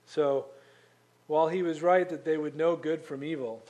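A man's voice: a little high, steady tone, moderate pace, warm tone. A man preaching a sermon in a conversational way, asking the listeners rhetorical questions. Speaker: pastor.

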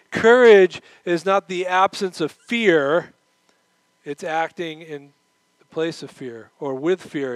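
A middle-aged man preaching a sermon, animated, acting out the voices he quotes. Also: fairly high pitch, clear, resonant tone, dry recording, low-quality recording. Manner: moves around while preaching. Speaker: pastor.

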